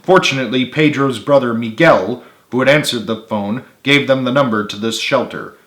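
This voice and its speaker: A man, the author, narrating his own book in a steady read-aloud. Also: mid-range voice, moderate pace, roomy sound.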